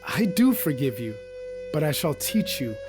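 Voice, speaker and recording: A fierce warrior king calls out his foes in a commanding, scornful voice, pitched a little high and ringing, as a male narrator puts him on. Music plays steadily behind him in this epic audiobook. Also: sing-song, moderate pace. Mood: mocking. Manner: commanding, scornful, shouting out challenges. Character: fierce triumphant Zulu king, adult man.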